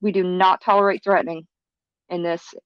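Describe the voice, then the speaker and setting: Woman, Southern US accent, lowish voice, hesitant, restarts, dry muffled stream sound. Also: little pitch movement, moderate pace, smooth, no room sound. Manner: hesitant, restarts, addresses viewers as y'all. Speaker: livestream co-host. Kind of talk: livestream chat. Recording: dull dry stream audio.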